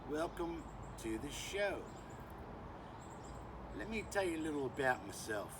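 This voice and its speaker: A man's voice: a little high, big pitch swings, a little slow, background noise, pitched above the performer's own voice. A man voicing a brash outback crocodile hunter in a put-on Australian accent mixed with British, giving a boisterous sing-song introduction in rhyme. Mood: cocky.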